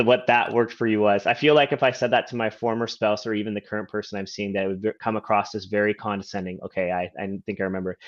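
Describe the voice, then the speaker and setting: A man hosting a live interview over a video call, asking relaxed, slightly halting questions. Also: on the low side, highs cut off. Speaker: interview host, coach.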